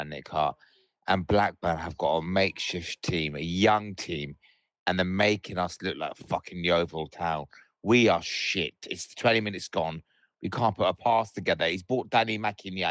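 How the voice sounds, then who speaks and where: A man's voice: sits low, moderate pace, a bit bright, no echo. A man from leaving angry, swearing voicemails about a football match, in short furious bursts.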